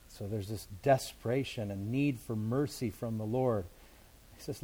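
Mellow-voiced pastor teaching the Bible. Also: male voice, on the low side, normal speed. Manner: conversational, explains scripture in plain everyday words.

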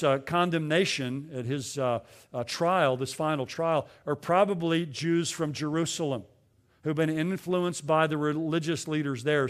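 A man preaching an expository sermon, explaining a passage verse by verse in an earnest, conversational way with frequent restarts. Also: fairly high pitch. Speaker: pastor.

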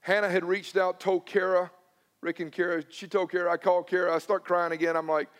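A male pastor, preaching a sermon and swinging between loud emphatic lines and hushed, personal ones. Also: sits high, little pitch movement, a little fast, clean tone, big-room sound. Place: church sanctuary.

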